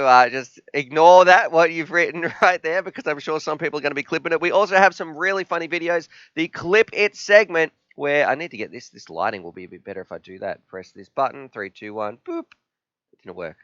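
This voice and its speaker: An Australian man hosts a casual live stream from home, reading viewer comments and laughing easily. His voice is bright and smooth. The recording is dry and a little lo-fi. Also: fairly high pitch, no room sound. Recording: dry, slightly dull lo-fi sound.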